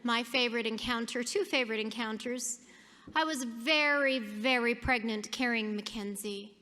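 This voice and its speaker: A woman's voice: on the high side, normal speed, sharp tone, slight background noise. A woman giving a keynote speech, telling a personal story with animation and acting out the people in it. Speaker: keynote speaker. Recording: long hall reverb.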